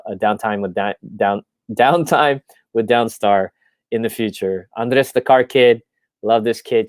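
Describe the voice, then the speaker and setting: Rambling, excited man on a live stream. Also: on the low side, no echo. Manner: rambling, excited, many fillers and restarts. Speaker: comic creator hosting a live stream. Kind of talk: casual live stream chat.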